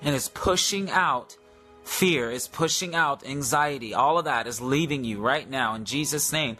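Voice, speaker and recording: A man's voice: medium pitch, unhurried, sharp tone, soft background music. A man preaching in a live-stream devotional, repeating declarations for listeners to say after him.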